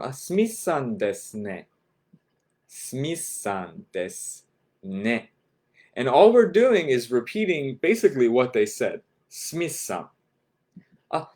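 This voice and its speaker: A man teaching a beginner language lesson at an unhurried, slow pace. His voice sits at a middle pitch, and he repeats each phrase patiently. He keeps checking in with listeners after every point. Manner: patient, repeats phrases slowly and spells them out; says "right?" after nearly every point.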